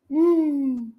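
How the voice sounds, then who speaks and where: A man's voice: extremely high pitch, a little mellow. A man hosting a livestream, talking casually to his chat in a joking, boastful way and laughing often. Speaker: livestream show host.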